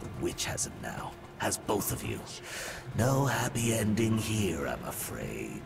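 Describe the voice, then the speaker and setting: A man voicing a sinister deep male spirit in a horror game, taunting a mother in a slow, menacing way. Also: very animated, creaky, over music, full character voice.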